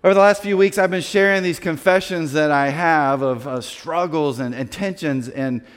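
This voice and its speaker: A man preaching a sermon as a pastor, telling a personal story in a lively way and acting out the people in it. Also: a little high, moderate pace, clean tone, in a large hall. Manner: animated storyteller acting out quoted voices.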